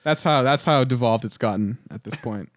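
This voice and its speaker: A man's voice: medium pitch, moderate pace, no echo, studio quality. A young man hosting a casual podcast, joking and laughing with friends in a loose, profane way. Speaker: podcast host. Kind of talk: casual chat.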